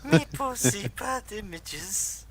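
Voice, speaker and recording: A man voicing a high, weary little kobold. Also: big pitch swings, takes it slowly, a bit bright, exaggerated voice. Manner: broken simple speech. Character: small timid male kobold, whimpering and weary. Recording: noisy low-quality stream audio.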